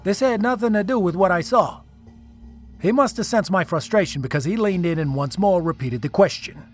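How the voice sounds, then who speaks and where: A man narrates a tense first-person tale in a somewhat high voice, reading with dramatic feeling. Soft music plays faintly beneath him. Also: fairly quick.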